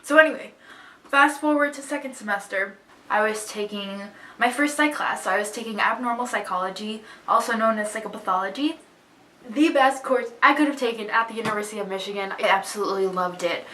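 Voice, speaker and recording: A young woman vlogger telling a personal story in a chatty, candid, expressive way. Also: mid-range voice, a little fast, slight background noise. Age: young adult. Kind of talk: casual storytelling to camera. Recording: echoey room, voice a bit far from mic.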